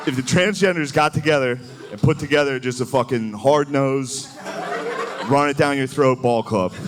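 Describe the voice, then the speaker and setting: Onstage at a comedy club, a male comedian with a fairly high voice performs a live stand-up set. His delivery is loose and rambling, packed with "like" and quick impressions, and the live-room recording picks up the audience laughing.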